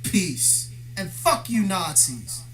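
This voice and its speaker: A man's voice: sits high, big pitch swings, takes it slowly, a bit bright, a little hiss or hum. A man delivering a profane, aggrieved, confrontational monologue straight to the viewer, vlog style. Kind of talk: ranting monologue to camera.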